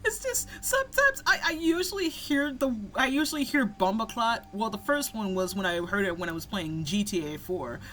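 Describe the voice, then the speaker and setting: Animated young woman with lively pitch. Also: normal speed, few pauses. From United States. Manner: animated, laughs often, swears freely. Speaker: let's play co-host. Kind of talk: casual gaming banter.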